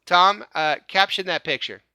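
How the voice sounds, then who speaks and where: A man's voice: high voice, moderate pace, bright, forceful tone, no room sound. A man hosting a casual fan-show podcast, upbeat, laughing often and stumbling over repeated words. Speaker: podcast host.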